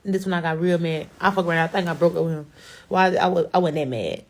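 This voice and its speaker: A young adult woman with a Chicago accent telling a blunt, profane, animated story in a casual storytime to camera. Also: lowish voice, quick pace. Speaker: rapper.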